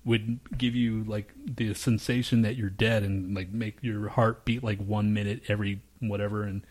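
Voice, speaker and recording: Man, podcast co-host, casual studio chat, rambling profane stories, lowish voice. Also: flat delivery, moderate pace.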